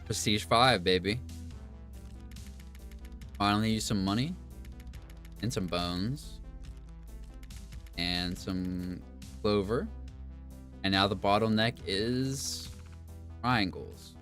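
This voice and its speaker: A man's voice: lowish voice, slow, long pauses, a bit bright. A man chatting casually while playing a video game, musing and meandering with many fillers. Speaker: gaming YouTuber. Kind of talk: rambling commentary over gameplay. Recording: game music playing behind.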